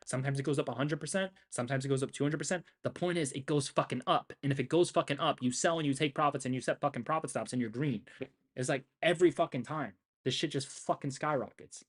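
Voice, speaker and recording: Brash, profane young man ranting about trades. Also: medium pitch. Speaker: trading streamer. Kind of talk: live trading stream commentary.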